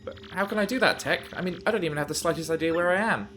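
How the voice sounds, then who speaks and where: A man's voice: sits high, racing, bright, forceful tone, a little hiss or hum. A man voicing a young captive princess, anxious and kind, asking pleading questions.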